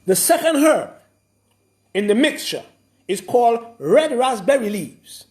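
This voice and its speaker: High-voiced man slowly explaining herbs. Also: very animated, darkish tone. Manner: slow, repetitive, emphatic explaining. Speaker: herbalist explaining a program. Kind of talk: informal lecture.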